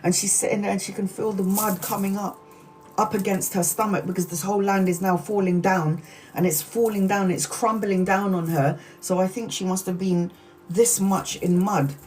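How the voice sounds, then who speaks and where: A woman hosting a tarot live stream, retelling a story in an animated, chatty way and acting out the quoted speech. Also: mid-range voice, moderate pace, a little hiss or hum. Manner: chatty, addresses viewers mid-story.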